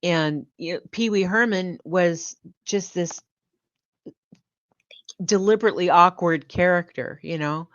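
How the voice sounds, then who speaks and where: Casting: woman panelist, lower voice, relaxed and thoughtful, dull dry remote audio. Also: a little slow, dry recording. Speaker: panel guest. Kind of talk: casual live-stream chat.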